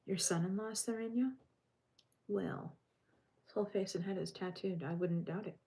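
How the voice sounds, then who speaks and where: A woman's voice: mid-range voice, normal speed, dark tone, slight background noise. Chatty woman reading crime news. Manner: reads news aloud, breaks off to chat with live chat. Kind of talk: casual livestream chat.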